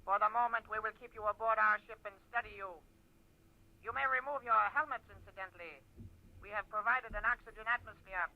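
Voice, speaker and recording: A small fleshy alien leader with a strikingly high, thin voice. He speaks with clipped, formal politeness that carries a cool menace. The sound is muffled like old film audio. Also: brisk. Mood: coolly formal.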